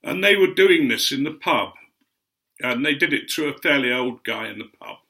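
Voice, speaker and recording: Older guy spinning a rambling yarn, crisp bright tone, average pitch. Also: animated, moderate pace. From Otley, Yorkshire, England. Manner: chatty and meandering, with gentle asides. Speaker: guest speaker recounting memories. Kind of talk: anecdotal storytelling.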